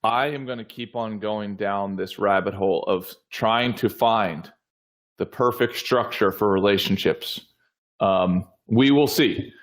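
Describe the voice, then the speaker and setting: A man with a low voice hosts a podcast in a casual way. He hesitates a lot, fills pauses with ums and often starts his sentences over. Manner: hesitant, lots of ums and restarts. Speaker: podcast host. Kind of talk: casual chat.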